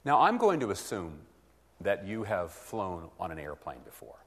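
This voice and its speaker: A man's voice: deep voice, sing-song, normal speed, fairly bright tone, long reverb tail. A man preaching a teaching sermon, acting out both sides of a conversation.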